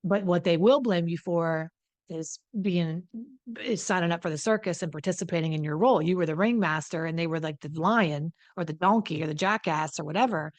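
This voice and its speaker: A woman's voice: lowish voice, a little fast, no room sound. A woman hosting an advice talk on addiction recovery, speaking bluntly and emphatically with frequent swearing. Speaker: host, addiction recovery coach. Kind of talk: direct-to-camera advice talk.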